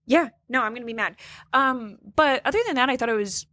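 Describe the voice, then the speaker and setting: A young adult woman co-hosting a podcast in casual chat, animated and sarcastic, jumping into high mocking voices. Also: a little fast, dry recording, clean studio sound. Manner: animated, sarcastic, mimics voices with sudden high pitch jumps. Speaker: podcast co-host.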